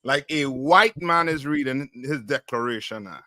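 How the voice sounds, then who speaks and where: A man's voice: mid-range voice, moderate pace, sharp tone, no echo, studio quality. A man teaching a class in call-and-response style, firing questions and often asking "you know what I mean?".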